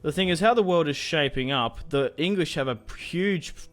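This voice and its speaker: A man's voice: fairly high pitch, lively intonation, normal speed, a bit bright, faint music behind. A young man giving casual, rambling commentary on a strategy game, thinking aloud with fillers. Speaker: gaming YouTuber.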